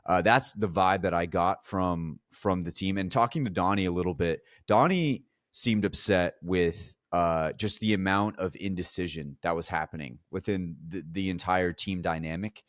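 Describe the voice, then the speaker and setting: A man co-hosting a podcast, giving casual, measured esports analysis. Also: sits low, dry recording, studio quality. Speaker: podcast co-host.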